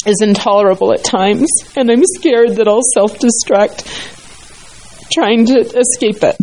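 A woman in a support group, emotionally and haltingly reading a personal letter aloud. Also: a little high, darkish tone, slight background noise, low-quality recording.

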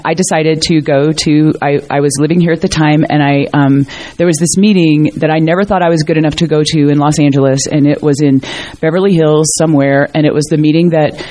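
A middle-aged woman with a deep, darkish voice gives a candid personal testimony at a recovery meeting. She's earnest and emotional, swearing mildly and rambling with many fillers and restarts.

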